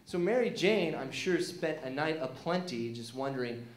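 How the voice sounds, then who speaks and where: A man's voice: fairly high pitch, expressive, normal speed, roomy sound. A young man doing a rambling, self-deprecating stand-up set on a small theater stage, full of fillers and restarts. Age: young adult. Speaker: stand-up comedian. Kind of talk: stand-up routine.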